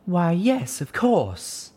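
A man's voice: high voice, wildly swooping pitch, very slow, mellow, husky, voice pushed up, exaggerated voice. A man reading an audiobook, voicing an elegant, gracious unicorn mare who speaks in a formal, grandly polite and theatrical way. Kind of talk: audiobook reading of fan fiction.

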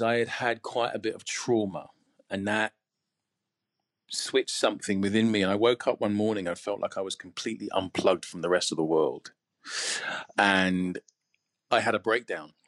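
Reflective English man, measured pace. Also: fairly low pitch, no room sound, clean studio sound. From United Kingdom. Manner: reflective, measured, pausing often. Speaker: podcast guest, actor. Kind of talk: candid interview conversation.

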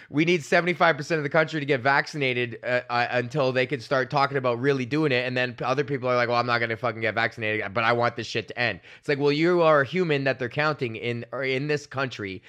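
A young man, hosting a podcast and telling a ranting, profane comedy story, often slipping into voices of the people in it. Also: medium pitch. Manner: profane, animated, acts out voices of others. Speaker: podcast host.

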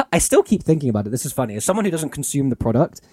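A man's voice: on the high side, sing-song, racing, mellow, slightly rough, dry recording, studio quality. A man co-hosting a podcast in casual chat, rambling and musing with lots of fillers. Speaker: podcast co-host.

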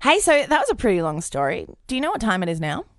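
A woman's voice: a little high, huge pitch swings, quick pace, no room sound, clean studio sound. A young woman co-hosting a casual podcast, playful and teasing, laughing often. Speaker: podcast co-host. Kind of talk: casual chat.

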